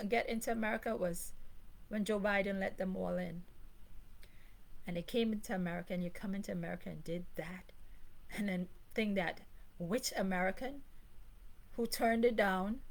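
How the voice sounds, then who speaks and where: A woman speaks in a mid-pitched voice, ranting straight to her viewers. She leans hard on her points, repeats phrases and breaks into short laughs. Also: rough recording. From Grenada. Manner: emphatic, repetitive, with short laughs. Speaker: channel host. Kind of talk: ranting live monologue.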